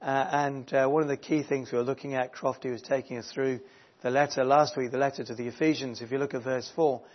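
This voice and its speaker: A man preaching a sermon, his voice strained and failing, clearing his throat and pausing often with "uh". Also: mid-range voice, fairly even intonation, highs cut off. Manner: hesitant, many uh fillers.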